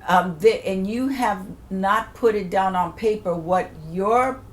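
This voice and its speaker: A woman's voice: medium pitch, slow, a little hiss or hum. A woman in an interview, asking direct, emphatic questions.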